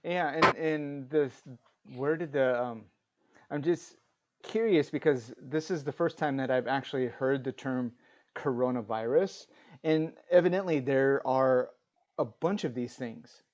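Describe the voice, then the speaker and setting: A man's voice: medium pitch, measured pace, dull audio. A man co-hosting a casual chat over a video call, telling stories in a rambling way and laughing often. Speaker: co-host.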